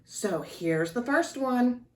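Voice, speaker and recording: A woman giving a slow, gentle lesson to young children as a librarian, talking straight to them. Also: on the high side, animated, recorded from a distance. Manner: slow, gentle, speaking directly to small children. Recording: echoey room, voice a bit off-mic. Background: clock ticking.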